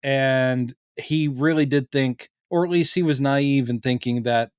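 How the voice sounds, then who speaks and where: A man's voice: mid-range voice, unhurried, clean tone, no room sound, clean studio sound. A man co-hosting a podcast, casually talking through a TV episode and often acting out the characters' lines. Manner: animated, acts out characters' lines in quotes. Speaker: podcast co-host. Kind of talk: casual discussion of a TV show.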